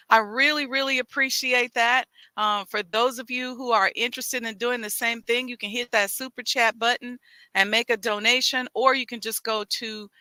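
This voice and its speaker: A woman hosts a live-streamed casual talk outdoors, chatting folksily in a Chicago accent into a headset mic. Her voice sits fairly high, sounding pushed and bright, and the recording is dry.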